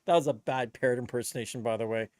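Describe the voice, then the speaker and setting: A man's voice: medium pitch, quick pace, darkish tone, no echo, clean studio sound. A man, a DJ chatting on his live stream in a blunt, rambling, profane way. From Canada. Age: 50s. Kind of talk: casual live-stream chat.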